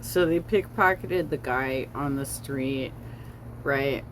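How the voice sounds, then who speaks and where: Woman, casual reaction host, slow, rambling, fillers, faint background noise. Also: very deep voice. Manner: slow, rambling, frequent fillers and self-corrections. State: has the hiccups. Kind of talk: casual commentary over a song.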